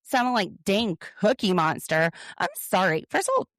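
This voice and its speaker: A woman's voice: on the low side, animated, normal speed, fairly bright tone, dry recording, studio quality. A woman co-hosting a podcast, recapping a reality show in an opinionated, sarcastic way. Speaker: podcast co-host. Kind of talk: casual recap chat.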